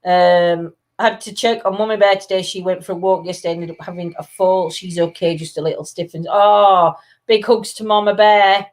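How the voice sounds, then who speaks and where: A woman's voice: on the low side, fairly even intonation, normal speed. A woman chatting casually on a live stream, reading out viewer comments. She laughs often and drops her articles. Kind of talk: casual chat.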